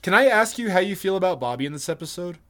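A male podcast co-host in casual chat, profane and emphatic. He rants with blunt force and throws curses into nearly every line, in a voice pitched a touch above the usual man's. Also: expressive, fast, fairly bright tone.

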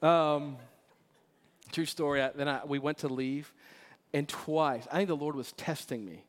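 A pastor in his forties preaches in a church sanctuary, his slightly high voice moving at a measured pace. He tells stories with laughter, swinging from loud emphasis to quiet, earnest lines, and the hall adds a long reverb.

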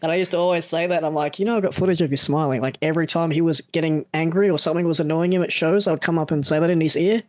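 A man's voice: on the high side, fairly even intonation, rapid-fire, few pauses, a little mellow, no room sound. A young man hosting a casual podcast interview, telling stories animatedly, swearing freely and acting out quoted lines. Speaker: podcast host.

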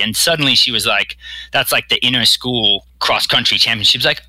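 A man's voice: fairly low pitch, quick pace, bright, forceful tone, no echo, rough recording. A man from Bermuda with a slight American accent, a pro triathlete telling stories in a casual interview, repeating words as he goes. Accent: American-tinged. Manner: rambling, repeats words, acts out quotes. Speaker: guest, professional triathlete.

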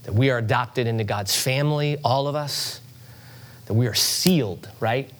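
A middle-aged man preaching a sermon to a congregation in a church, conversational and animated, with asides and rising emphasis. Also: mid-range voice, moderate pace. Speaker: pastor.

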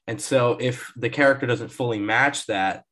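A man co-hosting a casual movie review chat, animated and joking. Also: medium pitch, moderate pace. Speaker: podcast co-host.

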